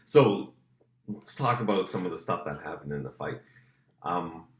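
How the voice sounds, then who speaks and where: Deep-voiced man in an echoey room. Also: expressive, moderate pace. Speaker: podcast co-host. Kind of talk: casual sports chat.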